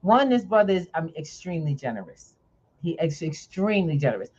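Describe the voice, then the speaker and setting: A woman hosting a podcast, telling a story in a lively, chatty way and laughing often. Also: low voice, brisk, husky, lo-fi sound. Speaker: podcast host. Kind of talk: casual chat, storytelling.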